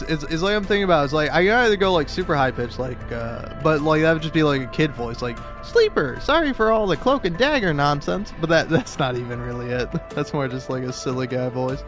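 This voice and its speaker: A man in his twenties, a gaming streamer who chats casually, rambling and stammering and laughing often. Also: medium pitch. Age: 20s. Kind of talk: casual chat while playing.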